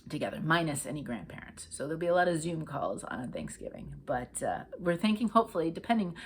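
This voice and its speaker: A woman's voice: low-pitched, husky. A middle-aged woman from Connecticut hosting a cross-stitch vlog, chatting in a rambling way with lots of fillers and restarts. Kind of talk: casual chat.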